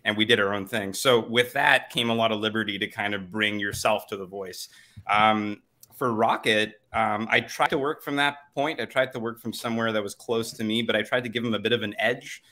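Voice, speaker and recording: A man speaks as a guest in a casual interview, his voice bright and forceful. He answers in a reflective way and laughs easily, heard over a video call. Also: lowish voice, brisk. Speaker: voice actor guest.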